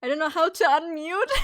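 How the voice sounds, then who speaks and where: Young woman streamer, high voice, talks slow, teasing n swearing, faint music behind. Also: fairly bright tone. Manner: teasing, playful, swearing freely. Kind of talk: casual live-stream chat.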